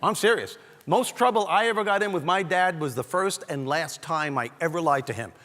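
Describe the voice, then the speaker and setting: Animated New man on stage. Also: on the high side, fairly quick, long reverb tail. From Brooklyn, New York. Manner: animated storytelling, punchy delivery. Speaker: keynote speaker. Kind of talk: comedic motivational keynote. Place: large hall, on stage.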